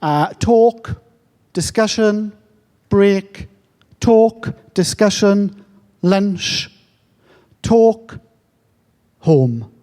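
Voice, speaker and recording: English man, self-mocking conference speaker, high and mellow, reverberant hall. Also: very slow. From England. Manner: joking, self-mocking storyteller. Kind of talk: conference talk.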